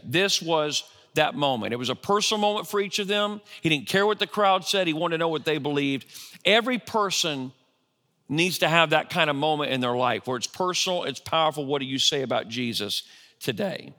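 Bright-voiced preacher in a big hall. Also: male voice, fairly high pitch, expressive, a little fast. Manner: conversational preaching, asks the congregation questions. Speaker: pastor. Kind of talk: sermon.

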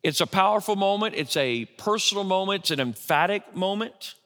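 A man's voice: high-pitched, expressive, brisk, a bit bright, long reverb tail. A middle-aged man preaching a sermon in a church, conversational, often asking his congregation questions. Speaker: pastor.

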